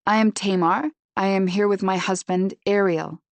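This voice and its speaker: A woman's voice: medium pitch, steady tone, normal speed, no echo, natural voice. A woman voicing a nervous female tourist who speaks clipped English with a heavy Israeli accent, in an audiobook. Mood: polite.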